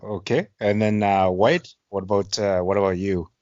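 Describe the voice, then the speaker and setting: A man's voice: fairly low pitch, fairly even intonation, moderate pace, darkish tone, no echo. Laid-back guy, muffled mic. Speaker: podcast co-host. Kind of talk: casual chat.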